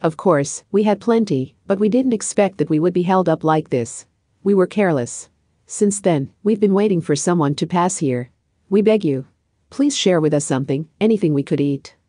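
A woman's voice: on the low side, animated, moderate pace, dark tone, no echo, clean studio sound. A synthetic female text-to-speech voice reading the lines of a starving bearded man in his thirties who pleads for food. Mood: pleading.

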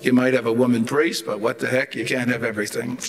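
A man's voice: medium pitch, flat delivery, quick pace, noisy background. An older man giving a humorous, anecdotal theology lecture, chatty and rambling, with wry joking asides.

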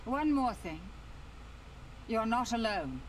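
An actor playing a sinister, mocking male guide of a haunted maze in a video game, speaking slowly and with relish. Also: very high voice, sing-song, full character voice. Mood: taunting. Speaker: game narrator. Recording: distant game audio with loud noise.

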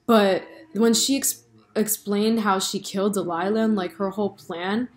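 A young woman talking to her vlog camera in a loose, chatty way. She rambles, fills every pause with "like" and "um", and breaks into laughs. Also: medium pitch. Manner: chatty, animated, lots of fillers and laughs. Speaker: vlogger. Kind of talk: casual chat about a TV show.

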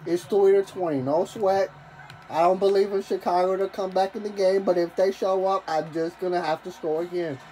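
Hyped man shouting over gameplay. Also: sits high, fairly even intonation, normal speed, slight background noise, poor audio. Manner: chants and hypes, bursts into shouting and laughter. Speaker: gaming commentator. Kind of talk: excited gameplay commentary.

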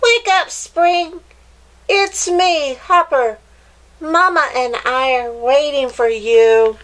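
A woman's voice: high-pitched, slow, pitched above the performer's own voice, exaggerated voice, rough recording. A woman doing an eager little boy bunny. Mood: excited. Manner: bright, bouncy, excited. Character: eager young male bunny, excitable and curious.

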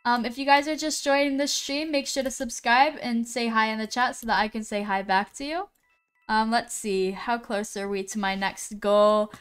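A woman live-streaming a game, reading names from the chat and greeting viewers one by one, often pausing on how to say them. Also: a little high, steady tone, a bit bright, smooth, faint music behind. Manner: slow, unhurried delivery with frequent "um"s.

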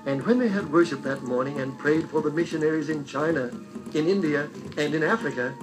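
A man's voice: a little high, a little fast, over music, low-quality recording. A man telling a children's story with dramatic, varied pacing.

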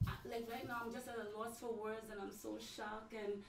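A middle-aged woman, a streamer's mother, talking emotionally in a halting, tearful way with repeated words. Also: fairly high pitch, little pitch movement, gravelly. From Trinidad. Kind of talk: emotional casual talk. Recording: roomy, distant mic, noisy.

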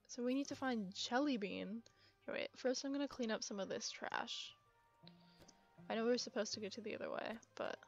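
A woman's voice: fairly high pitch, moderate pace. Chatty young woman commenting on gameplay. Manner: chatty, upbeat, self-talking. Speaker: gaming video creator. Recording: muffled, with game music.

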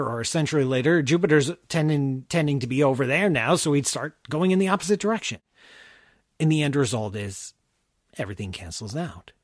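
A man hosting a science podcast, explaining ideas in a lively, conversational way with everyday analogies and acted-out asides. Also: a little high, no echo, clean studio sound. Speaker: podcast host, astrophysicist.

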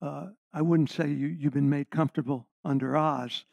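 A man's voice: a little high, fairly even intonation, moderate pace, gravelly, darkish tone, no echo. An older man, a guest preacher, giving an earnest sermon and putting questions to the congregation.

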